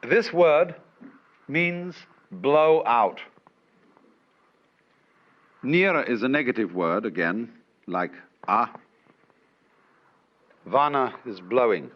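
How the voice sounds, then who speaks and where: A man's voice: medium pitch, expressive. Lecturing man on an old lo-fi tape. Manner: unhurried, wry, with chuckles. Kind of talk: public lecture. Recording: dull lo-fi archive lecture recording.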